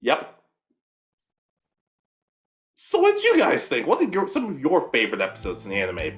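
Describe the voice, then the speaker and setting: Young male co-host with a lively, swinging delivery, dropping into quick voices for the characters as he recaps. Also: medium pitch, faint music behind. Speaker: podcast co-host. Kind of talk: casual recap of an anime episode.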